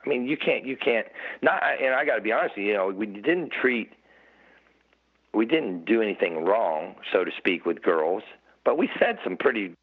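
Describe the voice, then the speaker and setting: On a podcast, a middle-aged man who used to race motorcycles chats casually, his lowish, breathy voice animated at a normal pace. His stories of the past ramble, break into laughter and restart often, heard through tinny, phone-like sound.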